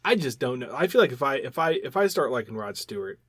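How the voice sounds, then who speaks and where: Animated rambling male podcast host. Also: mid-range voice, fast talker, breathy edge. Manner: animated, rambling, repeats words while explaining. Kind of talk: casual chat.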